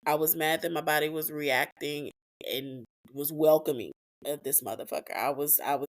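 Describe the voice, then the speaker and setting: A woman's voice: low voice, moderate pace. A woman hosting a podcast, telling a personal story in a blunt, profane, emotional way with emphatic repetitions. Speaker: podcast host.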